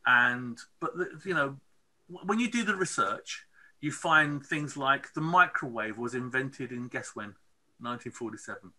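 A man's voice: medium pitch, lively intonation, moderate pace, sharp tone. A middle-aged man, telling stories expressively as an interview guest and checking in with "okay?" and "right?". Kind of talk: animated storytelling.

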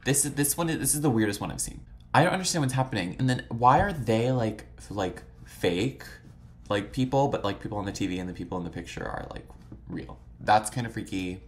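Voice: medium pitch, a little fast, slight background noise. Gushing, chatty vlog host. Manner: chatty, gushing, swears freely, frequent "like" fillers; dramatic exclamations. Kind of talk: casual commentary while browsing photos.

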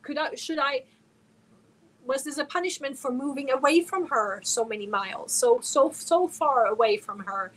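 A woman's voice: sits high, normal speed, a bit bright, rough recording. A woman from Germany hosting a casual crochet livestream, talking earnestly and emotionally while reading viewer comments aloud. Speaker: crochet channel host.

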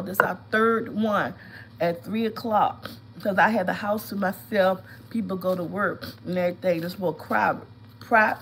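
A woman in her fifties, nose stuffed up from a cold, rambles through a story on a casual home live stream. Her voice sits at a middling pitch and her talk is loose, chatty and storytelling. Faint background hiss runs underneath. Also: poor audio. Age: 50s. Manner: chatty storytelling, greeting viewers by name. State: congested with a cold, sniffling. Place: at home, lying down.

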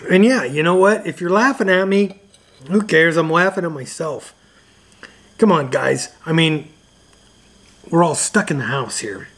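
A man talks casually to camera as host of an amateur radio show. He takes his time, drawing words out slowly, and fills the gaps with uhs. His voice sits a little higher than most men's. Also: expressive, fairly bright tone. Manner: loose and chatty, with frequent uhs. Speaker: ham radio video host.

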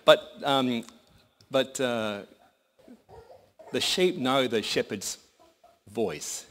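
A man's voice: mid-range voice, drawn-out words, fairly bright tone, slight background noise. A man preaching a sermon in a conversational, folksy storytelling manner.

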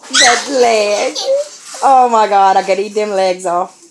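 A woman's voice: mid-range voice, slow pace, gravelly, heavy background noise. An adult woman filming her young daughters at home, laughing often and cooing and cheering at the baby. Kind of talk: casual home video commentary.

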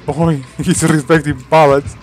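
Young man, gameplay commentary, excitable, swearing, sudden shouts, slightly high voice, faint game music. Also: a little slow. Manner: loud, swearing, bursts into shouts. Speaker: gaming streamer.

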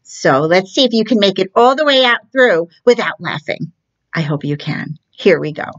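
A woman's voice: mid-range voice, animated, normal speed, muffled recording. Playful woman librarian reading aloud. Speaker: children's librarian. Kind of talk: reading a picture book aloud.

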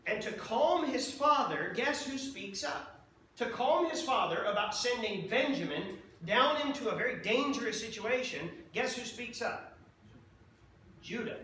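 High, bright-voiced preacher in an echoey church. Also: male voice, far from the mic, a little hiss or hum. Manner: conversational preaching with frequent "okay?" checks. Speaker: pastor. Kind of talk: sermon. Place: church sanctuary.

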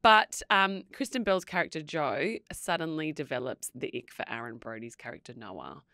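A woman's voice: deep voice, expressive, normal speed, pushed and bright, dry recording, studio quality. An Australian woman in her thirties co-hosting a podcast, chatting casually, teasing and laughing often. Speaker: podcast co-host. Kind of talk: casual chat.

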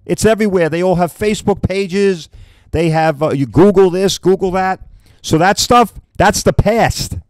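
A man's voice: high voice, a little mellow, no room sound, studio quality. A man hosting a podcast, delivering a blunt, combative promotional rant with frequent "all right?" asides. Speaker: podcast host. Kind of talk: ranting promotional monologue.

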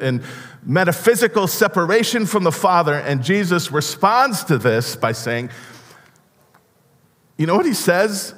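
A man gives a sermon as pastor in a slow, earnest way, stumbling and restarting as he goes. His voice sits somewhat high for a man. The long reverb of a church sanctuary trails behind each phrase. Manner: earnest, halting preaching with repeated restarts.

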